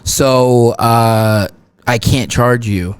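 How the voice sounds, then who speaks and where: A man's voice: medium pitch, fairly even intonation, drawn-out words, smooth, no echo. A young man in his twenties from El Paso, a guest singer chatting casually and laughing often. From El Paso, Texas. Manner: laid-back, laughs often, many fillers. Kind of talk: casual podcast chat.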